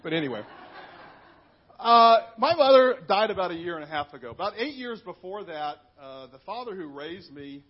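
A man's voice: high-pitched, lively intonation, moderate pace, highs cut off. A man in his fifties, a minister, telling his own story in a candid, conversational church testimony with plenty of asides. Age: 50s. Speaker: minister giving a personal testimony.

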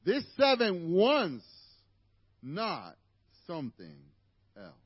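Man preaching, Spanish accent, native Spanish speaker, high voice, animated swings in pitch, dry slightly dull sound. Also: very slow, husky, dry recording. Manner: animated, conversational preaching with asides to the congregation. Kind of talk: sermon. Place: church.

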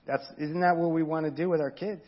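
A man's voice: fairly high pitch, fairly even intonation, brisk, lo-fi sound. A man preaching an informal, earnest sermon and talking straight to his congregation. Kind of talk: conversational sermon.

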